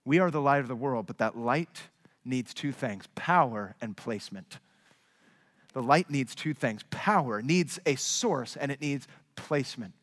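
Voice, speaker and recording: A man preaching a sermon as pastor, with emphatic, repetitive rhetoric that swings between quiet low asides and raised, urgent stresses. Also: expressive, unhurried. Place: large church sanctuary. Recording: long hall reverb.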